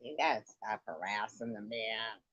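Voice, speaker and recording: A woman's voice: extremely low pitch, normal speed, a bit bright, husky, dry recording. A woman hosting a casual live-stream chat, giving blunt, profane advice and laughing often. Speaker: livestream host. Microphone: computer mic on live stream. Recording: dull lo-fi stream audio.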